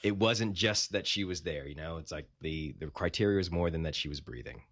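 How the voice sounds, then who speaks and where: Deep-voiced man, rambling and halting. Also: a bit bright. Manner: rambling, halting, with many restarts. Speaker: producer of a web series. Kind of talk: casual podcast chat.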